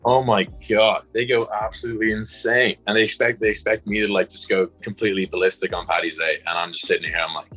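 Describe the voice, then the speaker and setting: Young man, Dublin accent, very low pitch, bright tone, rambling casual chat, faint music behind. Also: flat delivery, fast, few pauses, low-quality recording. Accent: Dublin Irish. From Ireland. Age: young adult. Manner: rambling, many "like" and "um" fillers. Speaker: guest, college punter.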